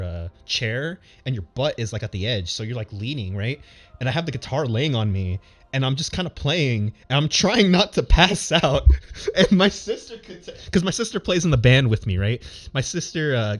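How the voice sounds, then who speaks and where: A man in the middle of pitch tells a personal story off the cuff. He rambles, restarts and stacks up fillers, and slips into chuckles as he goes. It sounds like a streamer chatting to his audience from his home setup. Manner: rambling, many fillers and restarts, laughs while telling. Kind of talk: casual storytelling.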